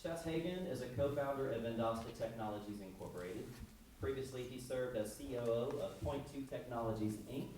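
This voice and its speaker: A male emcee reads a speaker introduction in a formal, measured way. His voice comes from far off, heavily echoed, with faint noise underneath. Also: mid-range voice, darkish tone. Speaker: event emcee. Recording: echoey hall, distant mic, faint noise.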